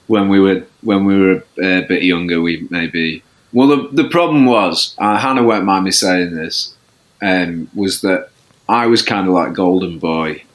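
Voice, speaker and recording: A man's voice: low-pitched, measured pace. A man, a podcast guest chatting casually, rambling and self-deprecating with many restarts. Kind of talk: casual chat.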